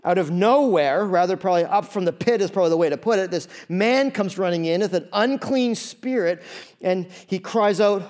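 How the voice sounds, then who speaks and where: A man preaching a sermon to a church congregation in an animated, joking, conversational way. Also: sits high, moderate pace. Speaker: pastor.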